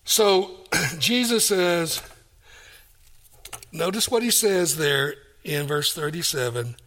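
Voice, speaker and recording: A man delivers a sermon in a high voice, taking his time over each phrase. He reads scripture passages aloud, then returns to them and repeats the key lines for emphasis. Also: slow pace, pushed and bright. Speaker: preacher.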